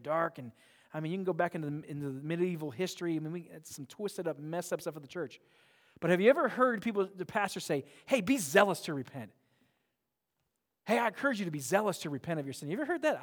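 A man pastor preaching a sermon in a church, earnest and emphatic, often repeating words as he presses a point. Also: a little high. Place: church sanctuary. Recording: long reverb of a large hall.

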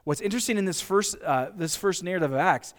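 A fairly high-voiced American man preaching to his church. His delivery is earnest and conversational, and he restarts and repeats words. His voice rings out with the long reverb of a church hall. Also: quick pace. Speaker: pastor. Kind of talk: sermon. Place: church sanctuary.

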